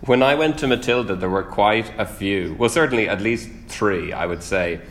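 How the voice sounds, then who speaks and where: A man's voice: lowish voice, normal speed, a bit bright. A man chatting casually on a panel, trailing into asides and laughing often. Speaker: podcast panelist. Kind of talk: casual chat.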